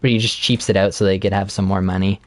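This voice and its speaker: A man co-hosting a casual podcast, chatting while playing a game and retelling a plot with animated laughter. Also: deep voice, quick pace, dry recording. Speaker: podcast co-host.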